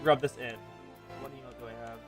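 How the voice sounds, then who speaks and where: A man streaming a game, reacting excitedly with frequent exclamations and laughs as he reads and comments. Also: mid-range voice, brisk, soft background music. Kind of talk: live gameplay reaction commentary.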